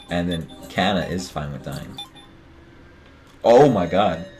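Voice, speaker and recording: A man's voice: sits low, unhurried, darkish tone, soft background music. A man streaming a game, joking and muttering asides to his viewers in casual commentary.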